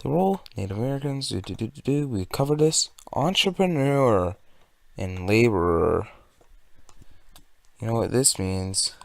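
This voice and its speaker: A man's voice: medium pitch, lively intonation, a little slow, creaky, long pauses, no echo. A young man from California giving a sarcastic, rambling commentary rant. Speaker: video commentator. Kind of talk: ranting commentary.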